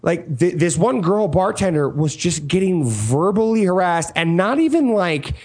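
A man's voice: high voice, lively intonation, moderate pace, darkish tone. A young man telling a rambling, loose story in casual chat, with a lot of "like" and some swearing.

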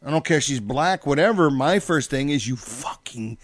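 A man in casual chat, telling stories with lots of swearing and acting out his own shouting. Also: fairly high pitch, a little fast, no room sound. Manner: profane, animated, acts out his own yelling.

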